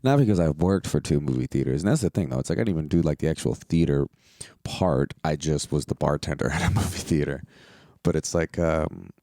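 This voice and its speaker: Deep, gravelly young man ranting on a podcast. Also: lively intonation, a little fast, warm tone, no room sound, clean studio sound. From United States. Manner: profane, rambling, exasperated. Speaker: podcast host. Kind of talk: casual solo podcast rant.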